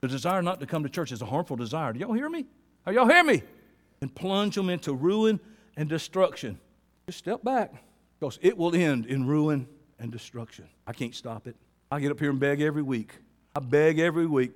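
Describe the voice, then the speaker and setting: A man preaching a sermon as pastor, folksy and impassioned, rising to loud fervent peaks and dropping to quiet intensity. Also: on the high side, animated, fairly quick, in a large hall. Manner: folksy colloquial speech with rhetorical questions to the congregation.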